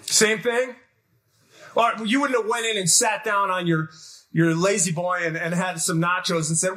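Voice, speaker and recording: Man, middle-aged, preaching, high voice, bright tone, animated storyteller, questions the crowd. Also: moderate pace. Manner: animated storytelling, shouts when acting out scenes, asks the crowd questions. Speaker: guest pastor. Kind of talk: sermon.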